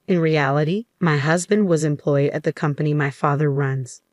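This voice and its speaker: A low-voiced woman narrates a first-person story steadily and evenly at normal speed. The recording is close and dry, without echo or room sound.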